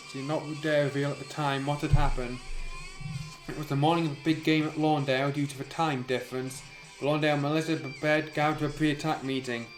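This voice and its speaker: A man reading fan fiction aloud in a deadpan way, adding sarcastic asides and stumbling over the text. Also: mid-range voice. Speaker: reader. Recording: echoey room, music behind.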